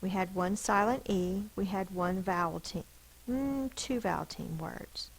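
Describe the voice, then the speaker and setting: A woman's voice: mid-range voice, a little slow, vocal fry, husky, poor audio. A woman teacher giving a spelling lesson to children, sounding out letters and syllables one by one.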